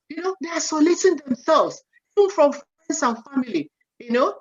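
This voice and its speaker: Woman, forties, high voice, animated seminar talk, dull lo-fi recording. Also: normal speed, a crowd in the background. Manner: animated, acts out parent and child quotes, frequent "you know". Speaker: seminar speaker. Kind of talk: parenting talk. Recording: dull lo-fi sound.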